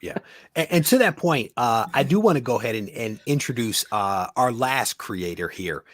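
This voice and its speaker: A man hosting a relaxed interview over a video call, his pitch swinging widely as he talks. The sound is dry and close, and he repeats words and laughs a lot between questions. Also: normal speed, no echo. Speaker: podcast host. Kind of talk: casual interview chat.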